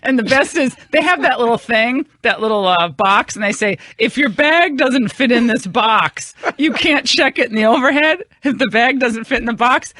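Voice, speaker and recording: A middle-aged woman hosting a radio talk show, bantering in a casual, animated, joking way and acting out quoted voices. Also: on the high side, normal speed, few pauses, dry recording, clean studio sound. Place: radio studio.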